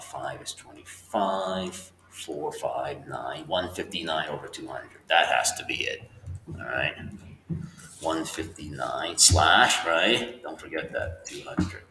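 A man teacher working through a homework problem out loud, talking through each step and checking with students. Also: very deep voice, a little slow, echoey room, a little hiss or hum. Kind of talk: homework walkthrough lesson.

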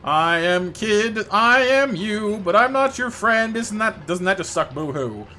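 A smug, mocking kid taunts with slow, drawn-out words, as a man puts him on. The voice sits a bit higher and brighter than a man's everyday talk. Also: lively intonation, slight background noise, heavily acted. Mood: taunting.

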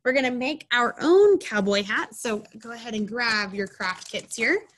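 A woman's voice: on the high side, moderate pace, fairly bright tone. A woman presenting a children's program, reading a picture book aloud and then walking children through a craft in a chatty, instructive way. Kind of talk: storybook reading and craft lesson.

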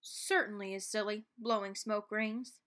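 A woman's voice: medium pitch, fairly even intonation, unhurried, a bit bright, natural voice. A woman voicing a grumpy, dismissive male elephant in a storybook reading.

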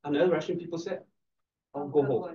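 A man delivers a lively law lecture, teasing his students and laughing along with them. His voice sits high for a man. He is heard from across an echoey room, and the recording sounds dull and lo-fi. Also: a little fast, far from the mic, crowd noise. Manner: playful, teasing the audience, laughing often.

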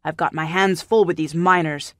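A stern, domineering middle-aged uncle from an audiobook, voiced by a woman narrator. His lines come out curt and commanding, in a low, dry-recorded voice. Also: steady tone, moderate pace, no room sound, close to an everyday voice.

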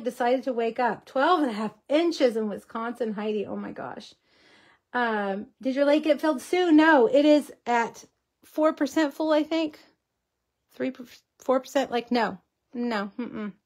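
She's a talkative host from Texas running an informal crafting livestream, guiding her audience step by step and joking with them as she goes. The voice is slightly high yet darkish in tone, and a faint cough hangs on in it.

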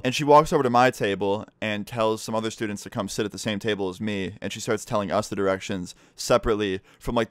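A man's voice: lowish voice, smooth, no echo, clean studio sound. A young man telling a school story in a casual storytime vlog, cursing freely and talking animatedly. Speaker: vlogger.

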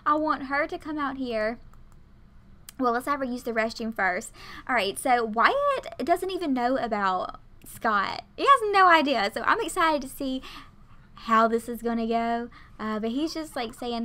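A woman hosting a gaming video, chatting excitedly and gushing over what happens on screen. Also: on the high side, normal speed. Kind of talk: excited game commentary.

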